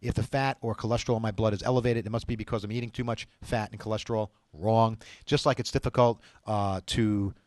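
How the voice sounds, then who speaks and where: A man's voice: lowish voice, steady tone, fast, hardly any pauses, no room sound. A middle-aged man hosting a show, chatting casually and rambling with lots of fillers and restarts as he gives diet advice. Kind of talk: casual talk to camera.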